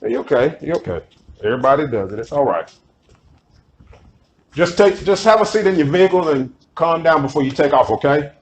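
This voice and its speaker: A man's voice: on the high side, expressive, brisk, pauses often. Reassuring police officer, a man. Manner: reassuring, repeats and restarts words. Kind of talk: recorded conversation.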